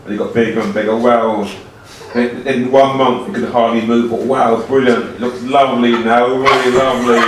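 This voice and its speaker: A man delivering an absurd comic monologue in a slow, rambling, deadpan way with broken grammar, heard from a distance in an echoey room. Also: medium pitch, crowd noise. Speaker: comedian.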